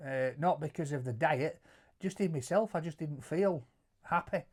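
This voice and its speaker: A middle-aged man with a Yorkshire accent telling stories in casual chat, animated, stumbling over repeated words and loudly acting out quotes. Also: on the high side, normal speed, breathy edge. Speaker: co-host answering viewer questions.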